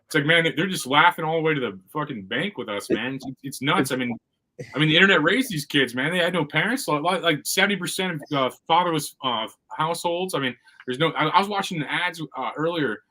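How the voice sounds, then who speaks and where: Fast, bright-voiced blunt man. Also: a little high, lively intonation, rough recording. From United States. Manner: blunt, mocking, full of "I mean" and "like". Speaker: podcast host. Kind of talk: casual podcast chat.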